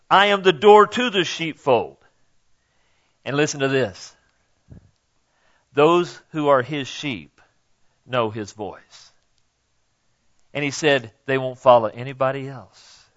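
Older pastor, casual preaching, higher voice, muffled recording. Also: male voice, slow pace, pauses often, fairly bright tone. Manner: folksy, conversational preaching with asides to the congregation. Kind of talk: sermon.

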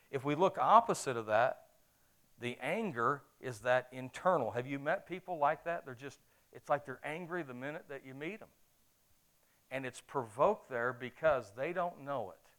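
A middle-aged man preaching a sermon in a lively, conversational way, often asking his listeners questions. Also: mid-range voice. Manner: animated, conversational, asks the audience questions.

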